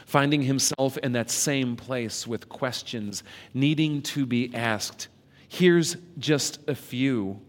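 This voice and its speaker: A man giving a reflective devotional talk, reading scripture questions slowly and dramatically. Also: medium pitch, in a large hall. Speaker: preacher.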